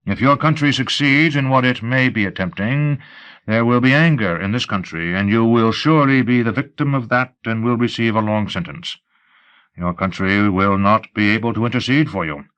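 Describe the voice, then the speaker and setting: A man reading an audiobook, voicing a sad, patient foreign police officer who speaks formally and gravely. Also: lowish voice, fairly bright tone, lightly acted. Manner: measured, formal, sorrowful.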